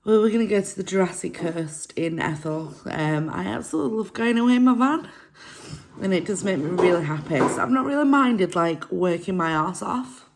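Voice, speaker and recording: A woman's voice: on the low side, animated, moderate pace, slight background noise. A woman vlogging to camera from her camper van, crying through a rambling, apologetic chat. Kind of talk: casual vlog to camera.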